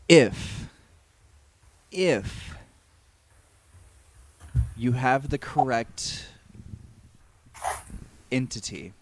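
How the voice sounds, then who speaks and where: A man's voice: mid-range voice, lively intonation, extremely slow, pauses often. A man narrating as game master, explaining what the players know over a video call. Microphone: desk mic on a video call.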